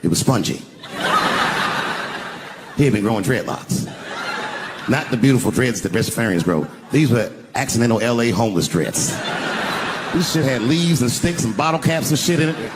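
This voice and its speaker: An older man doing a stand-up routine on a large arena stage into a handheld mic, telling a profane story in an animated way. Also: medium pitch, normal speed, long pauses. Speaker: stand-up comedian. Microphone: handheld stage microphone. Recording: live recording with background noise.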